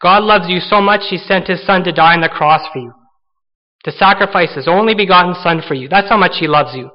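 An earnest preacher, a man with a high voice, delivers his sermon and slips into acted-out voices for the stories he tells. The recording is a little dull and lo-fi. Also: fairly quick. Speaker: pastor.

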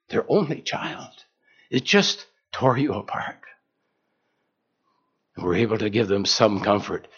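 A man's voice: fairly low pitch, husky, dull audio. A man preaching a sermon in a conversational way, asking the congregation questions.

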